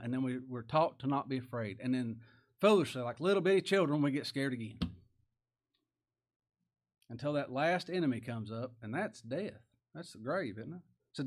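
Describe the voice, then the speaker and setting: Folksy preacher with a drawl. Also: male voice, fairly high pitch, normal speed. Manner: folksy, conversational preaching with sudden loud rhetorical questions. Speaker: pastor. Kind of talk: sermon.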